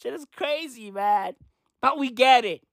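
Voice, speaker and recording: A woman's voice: on the high side, expressive, measured pace, dry recording, studio quality. A young woman ranting in a profane comic monologue, slangy and repetitive, laughing at her own jokes.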